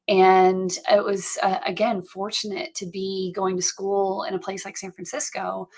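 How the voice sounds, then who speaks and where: Earnest woman telling her story. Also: mid-range voice. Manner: earnest and reflective, with halting restarts. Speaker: guest, founder of a mental health program. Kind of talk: personal storytelling in an interview.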